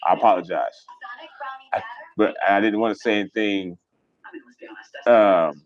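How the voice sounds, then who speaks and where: A man hosting a casual livestream, chatting fast and rambling, swearing freely as he reads viewer comments. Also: on the low side, lo-fi sound. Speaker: livestream host.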